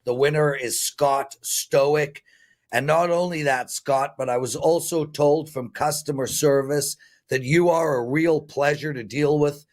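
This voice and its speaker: A man in his fifties hosting a sports betting show, talking in a heartfelt, rambling way and getting emotional. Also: medium pitch. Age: 50s. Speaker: host.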